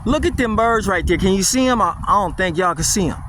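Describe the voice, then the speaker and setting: A dog vlogger with a high voice talks fast with lively intonation in a casual walking monologue, ranting bluntly and mockingly in heavy slang. Recorded on a handheld phone in windy woods, faint wind and outdoor sounds linger in the background.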